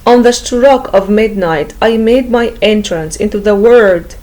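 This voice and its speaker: A woman's voice: mid-range voice, unhurried, a little mellow, poor audio. A woman reading a classic novel aloud as an audiobook narrator, in a careful storybook manner.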